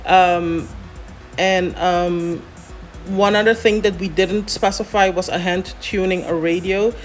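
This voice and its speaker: A woman scriptwriter explaining how to write a script in a relaxed, chatty way, often pausing on "um" and "you know". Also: on the low side, faint music behind. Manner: chatty, many fillers, explains step by step. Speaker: scriptwriter guest. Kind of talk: explaining scriptwriting in a casual chat.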